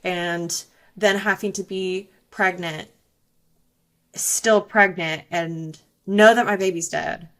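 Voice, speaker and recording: A woman's voice: on the low side, fairly even intonation, slow pace, a bit bright. Candid young woman telling a personal story. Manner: candid, reflective storytelling with frequent fillers. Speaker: interview guest.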